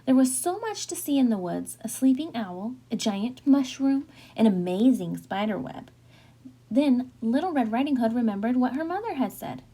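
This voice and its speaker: A woman teacher narrates a classic fairy tale aloud with lively, dramatic phrasing. Her voice is mellow and husky with a gravelly edge, and its pitch sits a little high. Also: moderate pace. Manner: expressive, dramatic storytelling. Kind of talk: storybook read-aloud narration.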